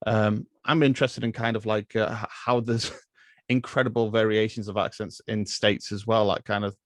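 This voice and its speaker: A man's voice: lowish voice, little pitch movement, normal speed, dry recording, clean studio sound. A man with an English accent, a podcast guest chatting casually about films, hesitant with fillers and restarts. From England. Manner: hesitant, many fillers and restarts, laughs often. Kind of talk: casual chat.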